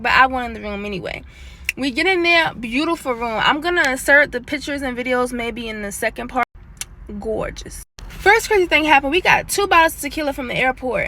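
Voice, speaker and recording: A woman, casually telling a personal story into a handheld phone and chatting to viewers. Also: high-pitched. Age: late 20s. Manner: chatty, animated, addresses viewers as y'all.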